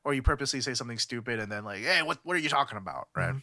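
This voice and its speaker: A man's voice: medium pitch, expressive, racing, bright, forceful tone, no echo, studio quality. A young man from California chatting on a podcast, rambling with lots of fillers and restarts. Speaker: podcast co-host. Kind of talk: casual podcast chat.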